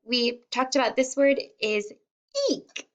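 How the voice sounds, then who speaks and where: Slow, patient kindergarten teacher woman. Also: fairly high pitch, steady tone. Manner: reads word by word, repeating and sounding out words; gentle, encouraging teacher voice. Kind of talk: slow read-along lesson for young children.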